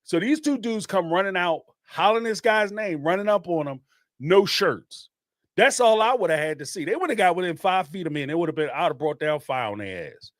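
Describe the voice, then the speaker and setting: A man's voice: high-pitched, animated, a little fast, dry recording, clean studio sound. A middle-aged man hosting a live call-in show, talking emphatically in casual slang and repeating phrases for emphasis. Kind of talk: casual spoken commentary.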